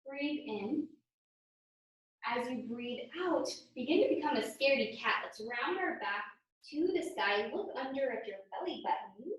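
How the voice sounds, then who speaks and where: A woman teaching a children's yoga class, giving gentle, encouraging cues. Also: high-pitched, lively intonation, a little slow, recorded from a distance. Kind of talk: guided yoga lesson for children. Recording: echoey room from off-mic.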